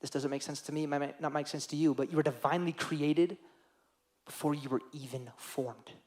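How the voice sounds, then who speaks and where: A man's voice: fairly high pitch, fairly even intonation, a little fast, darkish tone. A young man preaching a sermon to teenagers as youth pastor, earnest and emotional, repeating phrases for emphasis.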